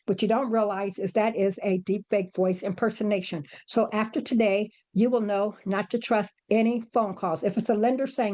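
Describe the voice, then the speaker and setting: Woman trainer, brisk and insistent presentation delivery. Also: mid-range voice, fairly even intonation, darkish tone. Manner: rapid, urgent, emphatic. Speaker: real estate trainer. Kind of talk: fast-paced presentation.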